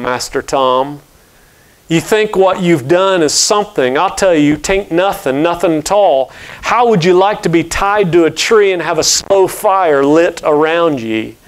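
A cruel, raging slave master speaks in a slow, menacing and scornful way, as a preacher puts him on. The voice is fairly high for a man and very smooth and clear. It is a story read aloud during a sermon. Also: natural voice. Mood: taunting. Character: cruel, raging male slave owner, middle-aged.

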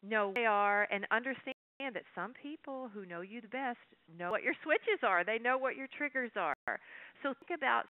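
A woman's voice: on the high side, normal speed, no room sound. A woman giving a live webinar lecture, telling folksy stories and speaking directly to her audience. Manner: folksy, animated storytelling with asides to the audience. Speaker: workshop presenter. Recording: dry, tinny phone-line sound.

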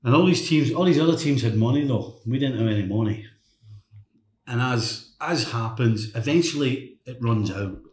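A middle-aged man, a former footballer and coach, tells lively anecdotes as a guest on a casual chat podcast. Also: medium pitch, normal speed. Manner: anecdotal, lively, mimics others in quotes. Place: hotel room podcast set. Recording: roomy echo.

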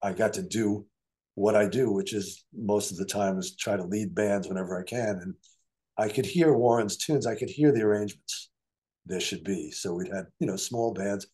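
Older guy, low voice, rambly animated storyteller, does everyone's voices. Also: moderate pace. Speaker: guest musician and producer. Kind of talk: casual storytelling interview.

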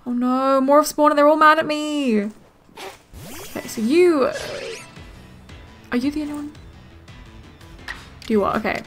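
High-voiced excitable woman gaming. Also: unhurried, pauses often. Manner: excitable, gasping, thinking aloud. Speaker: gaming let's player. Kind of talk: casual gameplay commentary. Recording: faint game music behind.

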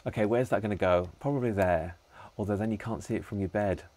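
A man giving casual commentary while playing a video game, chatting to himself and to the characters with excitable bursts. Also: on the low side, fast talker. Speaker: gaming channel host. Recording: faint background music.

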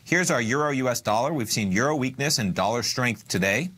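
A man hosting a live market news update, reading prices in brisk, casual broadcaster patter with a dry sarcastic edge. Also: mid-range voice, expressive, pushed and bright, breathy edge.

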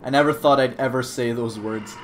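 A young man giving excited, jokey commentary while playing a VR game, taunting enemies and shouting at the action. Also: medium pitch, fairly quick, a little hiss or hum. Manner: playful, jokey, yells at enemies. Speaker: gaming YouTuber. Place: home, playing VR.

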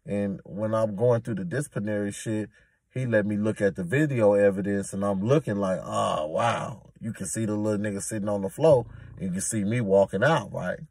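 A man's voice: lowish voice, fairly quick, a little mellow, no room sound. A man telling a prison story in a casual, emphatic, streetwise way.

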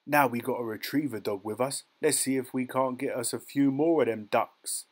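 A man's voice: mid-range voice, normal speed, natural voice. A man voicing a cruel, sneering teenage boy who bullies a smaller boy, in an audiobook reading. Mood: boastful, sneering. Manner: sneering, taunting.

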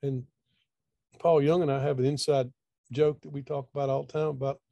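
Guy telling a story on a video call, mellow gravelly voice, dry room sound. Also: mid-range voice, level tone, fairly quick, dry recording, muffled recording. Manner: folksy, conversational, repeats words as he thinks. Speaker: speaker. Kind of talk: storytelling talk.

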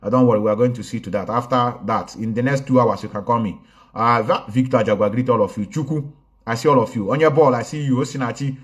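A man's voice: medium pitch, fairly even intonation, fast. A man commenting casually on a livestream, mixing languages and greeting viewers one by one. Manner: code-switching, greets viewers by name. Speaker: online activist commentator. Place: indoors, recorded in a home in a city.

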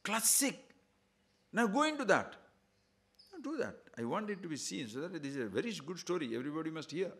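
A man giving a spiritual discourse, telling a fable in an animated way and checking in with his listeners as he goes. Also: a little high, a little fast. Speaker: spiritual teacher.

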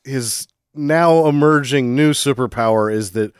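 A man co-hosting a podcast, theorizing about a movie with deadpan, dry jokes. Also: medium pitch, measured pace, clean tone, no room sound. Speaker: podcast co-host. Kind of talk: comedic movie discussion.

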